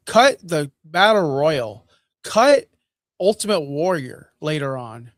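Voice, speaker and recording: Excitable man with a fairly high voice. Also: a little slow, dry recording. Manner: excitable, frank, worked-up opinions. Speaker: podcast co-host. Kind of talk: casual sports chat.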